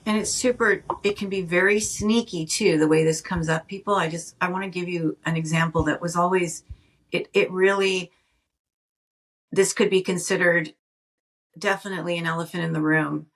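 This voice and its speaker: A woman co-hosting a podcast tells stories animatedly in a casual storytelling chat, often restarting her sentences. Her voice is lowish with fairly even intonation and a moderate pace, and it is heard from a distance, off the mic.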